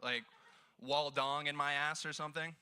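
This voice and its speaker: A man's voice: on the high side, steady tone, moderate pace, pushed and bright, smooth. A man opening a stand-up set with brash, profane teasing. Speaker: stand-up comedian. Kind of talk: open mic stand-up opening.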